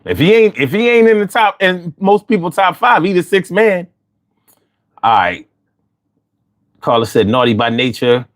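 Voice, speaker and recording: A man hosting a casual chat, telling stories with lots of swearing and putting on high voices when he quotes himself. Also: normal speed, long pauses. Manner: animated storyteller, swears freely, jumps into high voices for quotes. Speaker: host.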